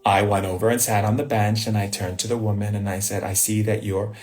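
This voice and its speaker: A man's voice: on the low side, steady tone, quick pace, darkish tone. A man giving a live spiritual talk, telling personal stories with rhetorical questions and a frequent "right?". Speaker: spiritual teacher. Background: faint music.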